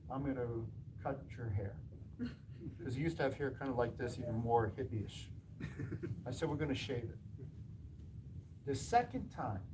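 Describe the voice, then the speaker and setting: A man who runs a martial arts school tells animated anecdotes to an audience, acting out the dialogue and laughing along. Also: medium pitch, distant mic, background noise. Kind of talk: storytelling talk to an audience.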